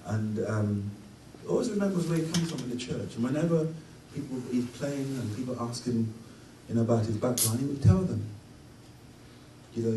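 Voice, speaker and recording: A middle-aged man giving an emphatic sermon at a conference, his voice swelling to loud peaks. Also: mid-range voice, animated, normal speed. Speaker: conference speaker. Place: conference hall. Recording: roomy hall, distant mic, faint noise.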